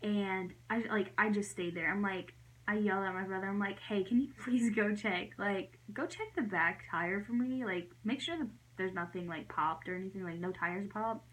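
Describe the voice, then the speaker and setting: A woman's voice: medium pitch, moderate pace, a bit bright, rough recording. A young adult woman telling a storytime vlog in a chatty way, full of "like" fillers, her voice jumping up when she acts out her own reactions. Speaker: vlogger.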